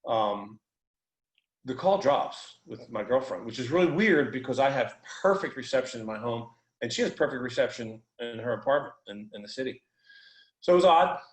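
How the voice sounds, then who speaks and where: An American man tells a story as a guest, speaking with loose, animated energy. His slangy delivery has the odd curse in it. The voice sits in the middle of the range and rings in a roomy echo. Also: medium pitch, moderate pace. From United States. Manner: animated, informal, profane. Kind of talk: casual storytelling.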